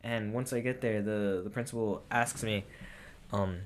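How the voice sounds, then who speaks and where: A man's voice: mid-range voice, sing-song, normal speed. A young man co-hosting a casual podcast, telling a story with many hesitations and fillers. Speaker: podcast co-host. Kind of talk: casual chat.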